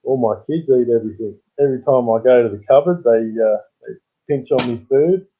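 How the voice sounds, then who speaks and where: A man's voice: medium pitch, a little fast, breathy edge. An Australian man hosting a casual livestream. He tells long, rambling stories and chuckles often. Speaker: livestream host. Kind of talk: casual live-stream chat. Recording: tinny phone-like sound.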